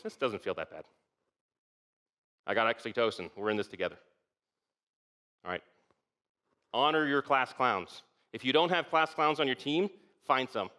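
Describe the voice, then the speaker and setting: A middle-aged keynote speaker gives a conversational leadership talk at a conference, frequently checking in with "okay?" and "right?" His mid-range voice sounds bright and forceful.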